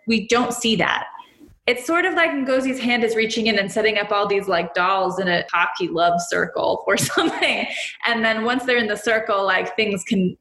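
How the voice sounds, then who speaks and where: A young woman co-hosts a podcast with a bright, crisp tone, candid and a little self-deprecating. The room around her adds a clear echo to every word. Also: medium pitch. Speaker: podcast co-host. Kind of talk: casual podcast chat.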